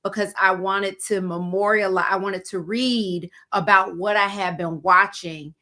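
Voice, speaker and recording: A woman co-hosting a podcast, speaking in a measured, reassuring, reflective way. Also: mid-range voice, steady tone, bright, forceful tone. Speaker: podcast co-host, former news anchor. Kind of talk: casual chat.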